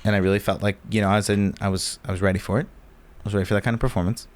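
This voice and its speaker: A man's voice: fairly low pitch, level tone, rapid-fire. A man from Virginia, a podcast guest in casual chat, telling self-deprecating stories with mock boasting. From Virginia, United States.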